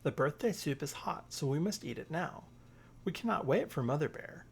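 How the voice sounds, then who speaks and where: A man reading a storybook aloud, voicing an eager, excitable little bear cub. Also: a little high, moderate pace, creaky, slight background noise. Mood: cheerful.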